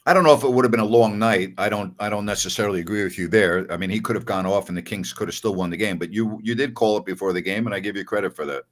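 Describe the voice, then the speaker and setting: A man's voice: fairly low pitch, racing, hardly any pauses. An older man hosting a sports call-in show, blunt and emphatic when he argues. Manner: blunt, gets loud and emphatic when arguing. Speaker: sports radio host.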